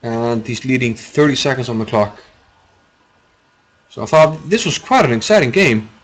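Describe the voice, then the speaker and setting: A man's voice: medium pitch, animated, normal speed. A man from Iceland, giving rambling, chatty live commentary on a chess game and answering viewers' chat.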